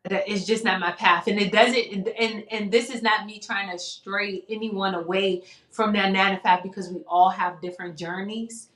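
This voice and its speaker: A woman guest on a live interview, telling her story in a candid, animated way. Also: medium pitch, moderate pace, hardly any pauses, roomy sound. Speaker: interview guest, talk show host.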